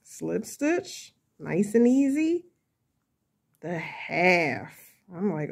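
A woman's voice: mid-range voice, sing-song, drawn-out words, gravelly, breathy edge. A woman hosting a casual crochet tutorial, chatty and laughing at herself as she works.

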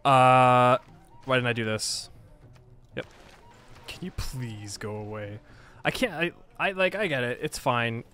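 A man at a mid pitch chats his way through a strategy game in casual let's-play commentary. He mocks himself, laughs often and puts on grumbling annoyance, over faint background music. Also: measured pace, pauses often, a bit bright. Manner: playful, self-mocking, laughs often, mock-annoyed. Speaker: gaming video creator.

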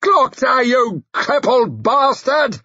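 A man's voice: extremely high pitch, very animated, takes it slowly, bright, forceful tone, slightly rough, dull audio, pitched above the performer's own voice, heavily acted. A man voicing a furious, haughty male church leader who snarls.

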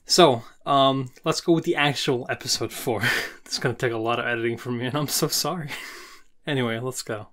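Excitable swearing anime reactor. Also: mid-range voice, moderate pace. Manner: excitable, swears and laughs often. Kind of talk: casual reaction commentary.

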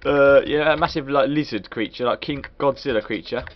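Man, casual game commentary, crude jokes, rambling, mid pitch, dull lo-fi sound, keyboard clicks behind. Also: brisk. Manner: rambling, crude, joking asides. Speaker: game reviewer. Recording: dull lo-fi recording.

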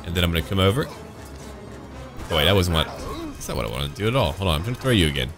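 Male let's-player: deep, animated, sarcastic commentary, game music underneath. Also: rapid-fire. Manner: sarcastic, jokey running commentary. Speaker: gaming YouTuber. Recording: voice over loud game music.

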